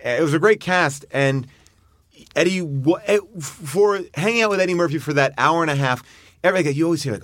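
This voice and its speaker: A man guesting on a podcast, telling an anecdote in a lively, rambling way full of fillers and restarts. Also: fairly high pitch, brisk, no echo. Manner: animated storyteller, many fillers and restarts.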